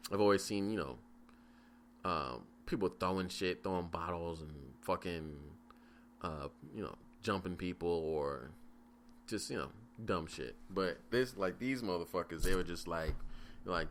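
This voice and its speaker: Twenties guy rambling on his podcast, low voice, bright punchy tone, swears a lot, lots of um and like. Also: moderate pace. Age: 20s. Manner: rambling, profane, many fillers and restarts. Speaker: podcast host. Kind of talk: casual solo podcast storytelling.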